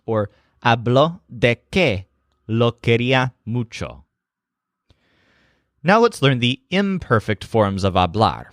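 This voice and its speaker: A man narrating a language lesson in a clear, explanatory way. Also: on the low side, a bit bright, no echo, clean studio sound. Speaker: language teacher.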